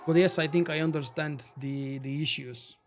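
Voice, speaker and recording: A chatty male livestream gamer with a higher voice reads his chat over gameplay, answering viewers by name and dropping small fillers. English isn't his first language; he speaks at a normal pace with fairly even intonation, and there's background noise.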